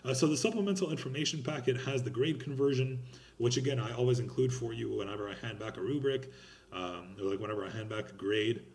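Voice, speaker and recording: Young man, college instructor, casual rambling lecture, blunt slang, warm low-key tone, roomy echo. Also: fast. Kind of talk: recorded online class lecture.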